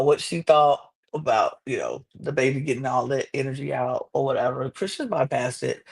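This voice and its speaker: A woman hosting a podcast, recapping a reality show in casual, animated chat. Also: a bass voice. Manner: chatty, animated, quotes people in exaggerated voices.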